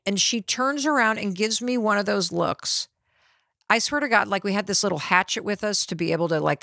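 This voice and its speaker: Animated middle-aged woman telling a story. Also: medium pitch, no echo, studio quality. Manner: acts out quoted voices of family and ranger. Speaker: podcast host.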